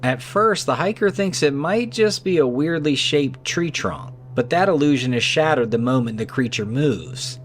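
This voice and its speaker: A man's voice: on the high side, expressive, moderate pace, hardly any pauses, soft background music. A man narrating trail cam clips in a scripted, conversational way with skeptical asides.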